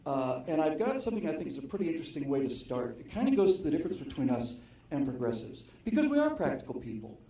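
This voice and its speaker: A man addresses a crowd in a meeting hall, his voice sitting fairly high for a man. He talks earnestly and with emphasis, like someone telling a story to the room. The sound is heavily echoey and picked up from a distance. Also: very animated, quick pace, mellow. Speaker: guest speaker. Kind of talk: public speech to a political gathering.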